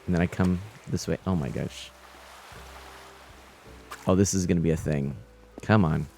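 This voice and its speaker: A man with a somewhat low voice gives live commentary on a fishing game. He talks casually to his viewers, reading their messages and laughing often. Faint game music plays behind him. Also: moderate pace, gravelly. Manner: chatty, reads out chat and greets viewers, nervous excited laughs. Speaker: game streamer.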